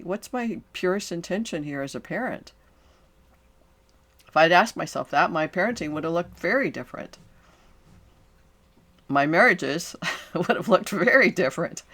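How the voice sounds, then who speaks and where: An older woman, a coach and podcast host, giving a solo talk to the audience in an earnest, animated way, with affirming asides and frequent restarts. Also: sits low.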